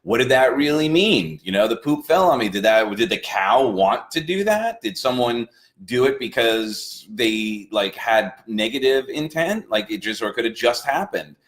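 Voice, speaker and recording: A man co-hosting a casual motivational talk, speaking in a measured, reflective way. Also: mid-range voice, animated, fairly bright tone. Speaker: co-host.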